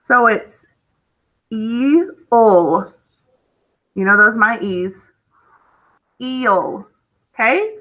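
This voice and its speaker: Slow, bright-voiced woman teacher. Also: a little high, expressive, poor audio. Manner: slow, patient, drawing out each word. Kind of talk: spelling lesson for young students.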